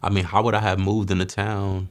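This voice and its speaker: A man, telling his life story in a streetwise, slangy way, often dropping quiet at heavy moments. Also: low voice, flat delivery, a little fast. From Mount Vernon, New York. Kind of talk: candid testimony.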